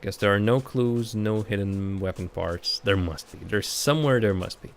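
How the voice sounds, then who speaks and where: A man streaming a game, chatty and excitable, laughing and reacting to the action. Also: fairly low pitch, normal speed, slight background noise. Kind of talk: casual gameplay commentary. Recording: game music behind the voice.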